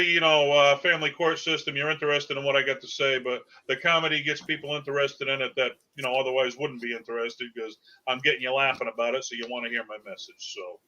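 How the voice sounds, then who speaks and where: A man's voice: a little high, sharp tone. A middle-aged man with a Boston accent, a comedian chatting as a guest on a video call, promoting his work with lots of "uh" fillers. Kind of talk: casual interview talk. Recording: dull lo-fi sound.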